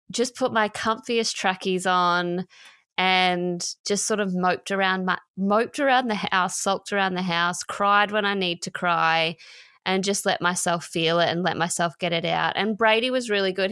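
A woman's voice: on the low side, sharp tone, smooth, dry recording, studio quality. A woman, co-hosting a podcast and telling a personal story frankly and emotionally, with casual swearing. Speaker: podcast co-host. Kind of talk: candid podcast chat.

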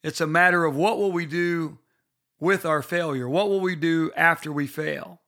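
A middle-aged pastor with a bright, forceful voice pitched a little high for a man. He teaches leaders from scripture in an earnest, personal way. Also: moderate pace. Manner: earnest storytelling, personal and emphatic. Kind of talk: bible-based leadership teaching.

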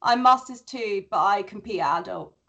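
A woman's voice: mid-range voice, lively intonation, moderate pace, gravelly, fairly bright tone, dull audio. A woman, a podcast guest chatting candidly and with some wry humour. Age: 30s. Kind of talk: casual podcast chat.

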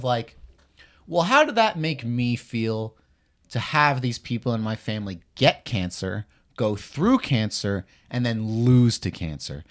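A man's voice: mid-range voice, fairly bright tone. A man from Canada co-hosting a casual podcast, with an ordinary mid-range voice. He talks bluntly and emphatically, swearing freely as he makes his case. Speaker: podcast co-host.

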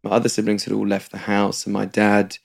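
Gravelly low-voiced man, chatty. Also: completely flat delivery, brisk. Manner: chatty, self-deprecating, laughs through sad stories. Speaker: podcast guest. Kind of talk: candid personal conversation.

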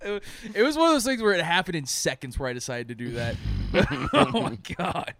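A young man with a high, bouncing voice that swings all over the place as he tells a story, cursing casually and breaking into laughter. The sound is dry and close, with no room around it. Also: fairly quick, no room sound. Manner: laughs often, swears freely, animated storytelling. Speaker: podcast co-host. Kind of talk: casual chat.

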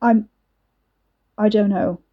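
A woman voicing a hesitant, guilty young man who mutters low and unsure. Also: fairly even intonation, slow, lo-fi sound. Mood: uneasy.

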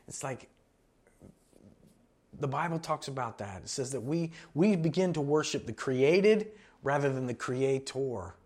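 Man, pastor, sermon, conversational, earnest, emphatic, mid-pitched. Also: normal speed, a little mellow.

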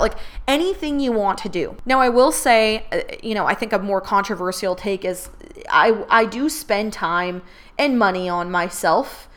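A woman's voice: mid-range voice, normal speed, fairly bright tone. A woman talks through a casual podcast episode with a candid, chatty delivery. She scatters fillers through her speech and swears freely, keeping it loose and personal. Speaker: podcast host. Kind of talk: casual chat.

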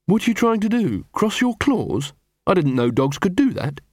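A man's voice: mid-range voice, animated, normal speed, husky, dry recording, clean studio sound. A man voicing a young female werewolf in dog form who speaks curtly and suspiciously. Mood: wry. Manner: curt, suspicious.

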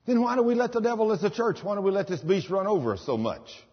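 A man's voice: sits high, very animated, quick pace, breathy edge. A man preaching a sermon, emphatic, rising into commanding bursts. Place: church. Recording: dull sound with long hall reverb.

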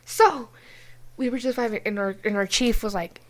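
A young woman from New Mexico co-hosting a podcast, telling a story in a casual, animated way with lots of swearing and filler words. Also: medium pitch, moderate pace. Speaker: podcast co-host.

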